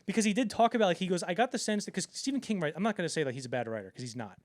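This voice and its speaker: Fast-talking man with a rambling delivery. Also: high-pitched, lively intonation, dry recording, clean studio sound. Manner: rambling, filler-heavy, acts out quotes. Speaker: podcast co-host. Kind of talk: casual film podcast chat.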